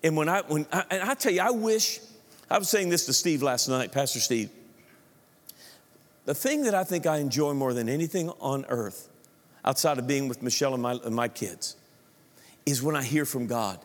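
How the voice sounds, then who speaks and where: A middle-aged man preaching a sermon as the pastor, lively, acting out his own inner voice and asking the congregation questions. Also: mid-range voice, moderate pace. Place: large church auditorium. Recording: long reverb of a large church hall.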